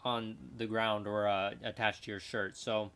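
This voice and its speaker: A man's voice: lowish voice, little pitch movement, unhurried, a bit bright. A man hosting a gaming channel, chatting loosely through gameplay while he tests a desk USB microphone, with lots of fillers and restarts, moving nearer and farther from the mic. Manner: rambling, filler-heavy, self-correcting. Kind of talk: casual gameplay commentary. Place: home gaming setup. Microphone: desk USB condenser microphone, distance changing.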